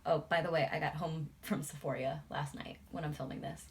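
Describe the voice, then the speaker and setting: A woman's voice: sits low, steady tone, brisk. A young adult woman, a beauty vlogger, chatting casually and swearing freely while doing her makeup.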